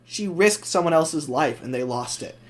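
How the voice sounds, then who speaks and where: Brief: man co-host, lively swinging pitch, playful storyteller in casual chat. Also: moderate pace. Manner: animated, acts out scenes. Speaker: podcast co-host.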